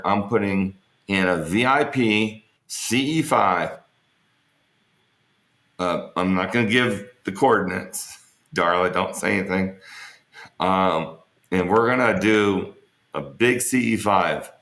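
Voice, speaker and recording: A man's voice: fairly low pitch, expressive, slow, fairly bright tone, roomy sound. A man being interviewed, telling rambling, joking stories in a casual way and swearing freely. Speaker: interview guest. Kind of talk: casual storytelling on an online interview.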